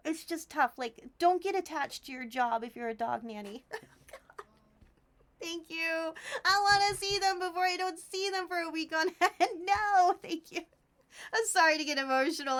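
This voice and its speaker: A woman's voice: sits high, fairly bright tone. A woman streaming live from home, chatting with her viewers while crafting paper snowflakes and thanking them as she goes. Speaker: Twitch streamer.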